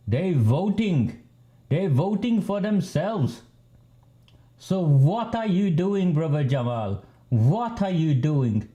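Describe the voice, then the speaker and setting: A chiding older man in clumsy broken English, his voice pushed well above its usual low register, as a man puts him on. He nags and repeats himself, dragging out his words. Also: mellow. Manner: repetitive, chiding, drawn-out.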